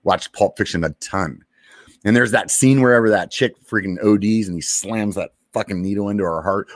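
This forties-aged veteran spins a laid-back, profanity-laced tale from his military service, pausing often and leaning on fillers. His pitch is fairly low, and the studio-quality recording has no room sound.

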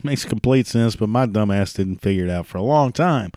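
A man's voice: fairly low pitch, a little fast, darkish tone, dry recording, clean studio sound. A man ranting in a sarcastic, mocking, profane monologue. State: prone to coughing fits.

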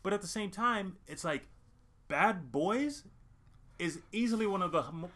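A man in his thirties with a bright, forceful voice that sits a little high for a man. He co-hosts a casual chat, ranting crudely and punching his points with heavy emphasis. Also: lively intonation, measured pace. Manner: crude, joking, emphatic rants. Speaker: podcast co-host.

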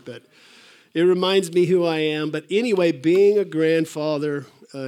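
An older male pastor gives a folksy, rambling sermon to his church. His voice sits a little high for a man, and he pauses often on fillers and restarts. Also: a little mellow.

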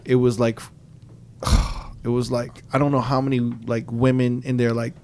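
A man and DJ telling a story in casual podcast chat, profane and animated, slipping into quoted voices. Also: mid-range voice, a little slow.

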